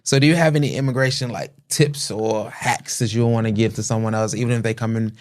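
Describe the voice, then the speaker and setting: A man from Chicago with an American accent, hosting a podcast in a relaxed, joking chat. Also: fairly low pitch, quick pace. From Chicago, USA. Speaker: podcast host. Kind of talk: casual interview chat.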